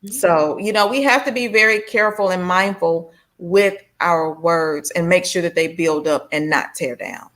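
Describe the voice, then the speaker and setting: Calm, reflective woman guest. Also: fairly low pitch, normal speed, hardly any pauses. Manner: calm, reflective, drops into quoted voices. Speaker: guest, domestic violence survivor. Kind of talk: casual conversational interview.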